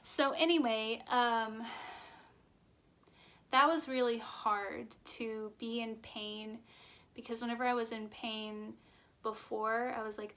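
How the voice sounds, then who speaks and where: A young woman vlogger telling her personal birth story in a halting, emotional way, close to tears at times. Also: on the high side, steady tone, fairly bright tone.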